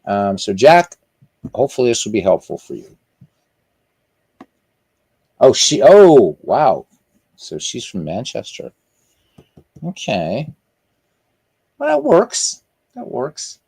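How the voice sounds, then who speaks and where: A man's voice: fairly low pitch, big pitch swings, takes it slowly, gravelly, pauses often, mellow, breathy edge, no room sound. A man hosting a live stream in casual chat, rambling and chatty as he greets viewers by name.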